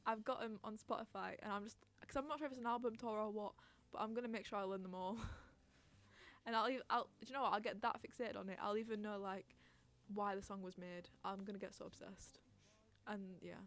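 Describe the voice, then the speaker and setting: A woman's voice: mid-range voice, fairly even intonation, a little fast. A young woman hosting a casual chat podcast on stream, rambling, giggling and reading out chat messages.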